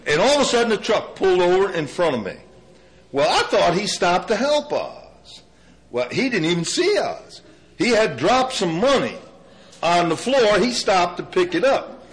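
Older male preacher, high voice, animated storyteller, sermon delivery. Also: moderate pace, rough recording. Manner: animated storytelling, pitch drops low for emphasis.

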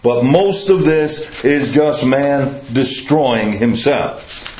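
A man preaching a sermon in a slow, emphatic way, putting questions to his listeners. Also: mid-range voice, a little mellow, slight background noise. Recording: echoey room, slightly dull sound.

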